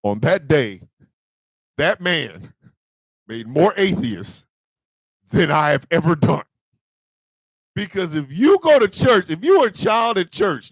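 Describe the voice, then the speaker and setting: A male host in a profane, loud comedic live-stream rant who laughs often. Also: high voice, dry recording.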